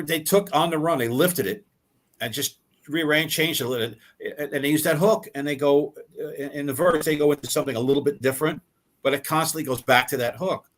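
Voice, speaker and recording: A fairly high, fairly bright voice belongs to an older man, a rock musician being interviewed casually. He tells stories, dramatizes what people said, and often repeats and restarts his words.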